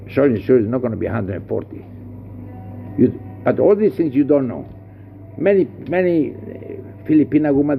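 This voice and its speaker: A man's voice: mid-range voice, gravelly, a little hiss or hum. Scornful man ranting over a tinny line. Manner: angry, scornful, rhetorical questions. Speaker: head of a workers' association. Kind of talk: impassioned rant.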